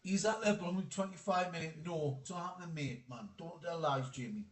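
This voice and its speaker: A man's voice: on the high side, fast, reverberant. A Geordie man doing a casual football live stream, bantering and laughing while reading out chat.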